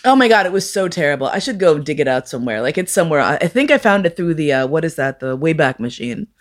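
A woman telling a bawdy story live, with frank profanity and lively acted-out dialogue. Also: deep voice, fast talker. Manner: profane, animated, acts out quoted voices. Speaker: storyteller guest.

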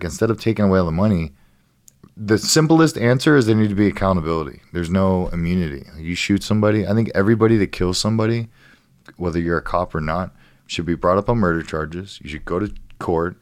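Deep-voiced man telling a story, profane. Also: dry recording. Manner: profane, animated storyteller acting out quotes. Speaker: guest, professional fighter. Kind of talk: casual podcast storytelling.

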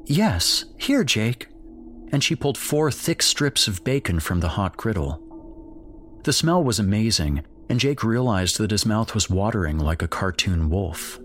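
A man narrating a dark horror story in a measured, grim storytelling voice. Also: lowish voice, lively intonation, slight background noise.

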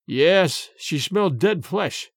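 A man's voice: fairly high pitch, sing-song, normal speed, a little mellow, no room sound, clean studio sound. A man voicing a stern grim son. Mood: gloomy. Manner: firm and gloomy. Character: stern grown son, firm and brooking no argument.

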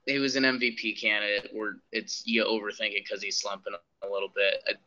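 Bright-voiced young man on a dull line. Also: lowish voice, flat delivery, fairly quick. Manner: hesitant, repeats words when starting. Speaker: podcast co-host. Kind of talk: casual sports chat. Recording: dull, dry lo-fi sound.

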